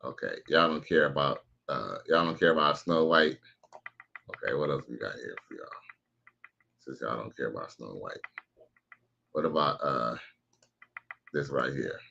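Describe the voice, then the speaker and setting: A man's voice: very deep voice, expressive, moderate pace, creaky, pauses often, sharp tone, highs cut off, a little hiss or hum. A man casually commenting on a live stream, slangy and profane, reacting to clips and reading out chat. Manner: laid-back, slangy, profane, reads out chat messages.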